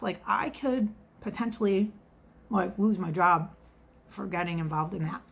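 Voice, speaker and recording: A woman's voice: lowish voice, a little slow, gravelly, husky. A middle-aged woman telling a rambling story in a casual confessional vlog. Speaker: vlogger.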